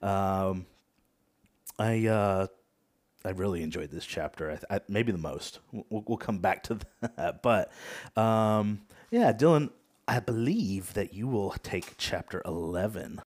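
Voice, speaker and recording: A man hosting a casual podcast chat, talking in a relaxed, hesitant way with many fillers and frequent laughs. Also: on the low side, a little slow. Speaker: podcast host.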